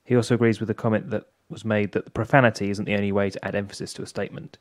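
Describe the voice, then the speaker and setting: Fast-talking man, dry humour. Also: fairly low pitch, level tone, no echo. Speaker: podcast co-host. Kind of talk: casual podcast chat.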